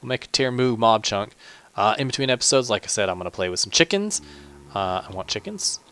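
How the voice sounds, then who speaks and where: A man's voice: on the low side, lively intonation, brisk, a bit bright, smooth, no echo. A man hosting a gaming channel, giving chatty, self-deprecating let's play commentary, talking to himself with muttered asides and stumbling restarts.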